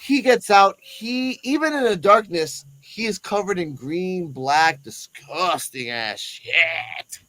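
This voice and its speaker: A man's voice: sits high, takes it slowly, hardly any pauses, poor audio. A man hosting a show, telling a story casually and with lots of animation and swearing, and acting out the other people in it. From Puerto Rico. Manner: animated, profane, acts out the other people in his stories. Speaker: host.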